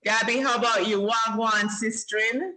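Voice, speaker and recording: A woman's voice: on the high side, fairly even intonation, measured pace, pushed and bright, rough recording. A woman hosting a live-streamed children's show over a video call, chatty and encouraging. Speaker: host of a kids' show.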